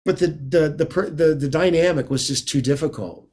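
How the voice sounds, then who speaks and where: A man's voice: on the high side, normal speed, darkish tone. A man from the United States, a guest guitarist, chatting casually in an interview as an enthusiastic, rambling storyteller.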